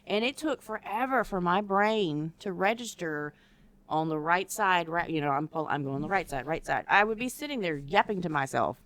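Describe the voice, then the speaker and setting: Podcast co-host, woman, lower pitched, animated storyteller. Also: moderate pace. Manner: animated storyteller, acts out her own past reactions. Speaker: co-host teaching decorative rod wraps. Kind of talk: casual podcast chat.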